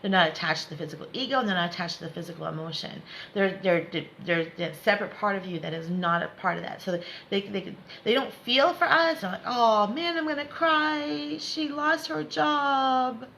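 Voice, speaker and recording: Bright-voiced woman teaching spirituality. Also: on the low side, expressive, fast, vocal fry, slight background noise, rough recording. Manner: repetitive, encouraging, laughs often. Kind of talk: live online spiritual lesson.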